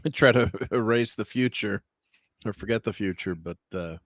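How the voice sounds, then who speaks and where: A low-pitched man chatting casually as a podcast co-host, rambling and laughing often. His voice is recorded dry and close, with little room sound. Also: normal speed, dry recording. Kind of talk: casual chat.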